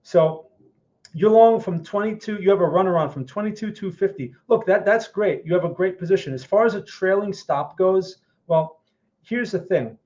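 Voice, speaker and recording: This New Jersey-accented man, a market analyst host, talks through charts on a live stream, his high, dark voice moving at a moderate pace. He speaks bluntly and frankly with frequent "right?" tags, over slightly muffled lo-fi audio.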